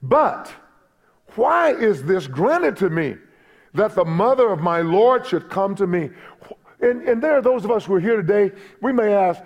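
Man, middle-aged pastor, sermon, high voice, gravelly, excitable and emphatic. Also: unhurried, dull audio. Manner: excitable, builds to loud emphatic preaching with repetitions.

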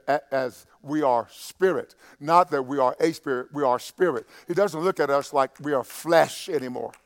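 A man preaching a sermon, halting and repeating himself in quieter stretches, building to loud, impassioned preaching. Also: medium pitch. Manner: halting, with many restarts and fillers.

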